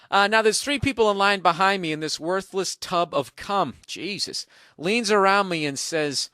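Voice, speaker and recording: A bright, punchy male voice rants and cusses through a sarcastic comedic monologue. He is recorded dry on a single mic in a hotel room, and he sits a touch higher than most men. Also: measured pace, clear, resonant tone, no room sound. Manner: profane, ranting, sarcastic. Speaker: podcast host. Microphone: single microphone, no headphones.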